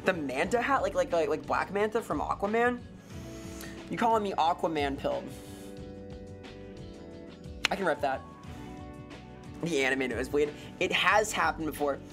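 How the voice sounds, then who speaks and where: A woman's voice: low voice, lively intonation, moderate pace, long pauses, over music. A woman streamer chatting casually while playing a game, talkative, laughing often and answering chat.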